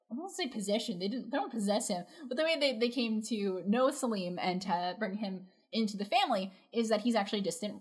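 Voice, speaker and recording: Chatty woman recapping an anime. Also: medium pitch. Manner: chatty, retells scenes with quoted voices, frequent fillers. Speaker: co-host reacting to an anime episode. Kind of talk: casual recap chat.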